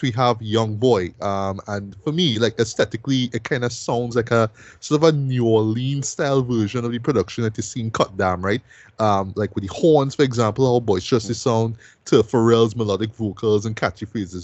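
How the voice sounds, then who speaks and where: A man's voice: on the low side, brisk, a little mellow, no echo, muffled recording. A man hosting a music review show, talking loosely and casually and ending most sentences with "right?".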